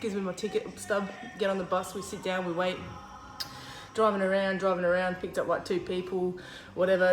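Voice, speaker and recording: A woman's voice: on the low side, reverberant, low-quality recording. An Australian woman hosting a cooking video, telling a story casually with lots of fillers and acted-out quotes. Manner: chatty, lots of fillers, acts out quoted lines.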